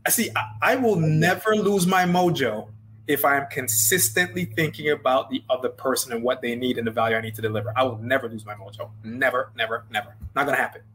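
A man's voice: mid-range voice, brisk, fairly bright tone, slight background noise, poor audio. A man with a Jamaican accent, a business coach talking earnestly and emphatically as a guest in a casual interview, often repeating phrases.

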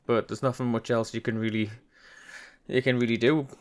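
Man, podcast host, casual solo monologue, medium pitch, rambling, self-mocking, hesitant restarts. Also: little pitch movement, brisk.

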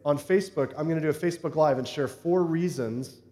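In a church sanctuary, a pastor preaches a conversational sermon, often pausing to check in with the congregation. His mellow voice sits a little higher than most men's. The hall adds a roomy echo with a long reverb tail.

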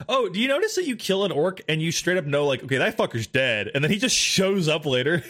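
Excitable high-voiced man ranting and laughing. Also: fast talker. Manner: swears a lot, laughs often, animated rants. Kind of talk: casual gaming chat.

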